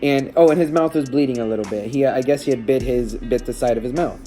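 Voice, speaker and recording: In a casual vlog with soft music in the background, a man who is a stepdad tells a personal story in a mellow, medium-pitched voice at a quick pace. He sounds shaken and emotional, rambling with lots of fillers and restarts.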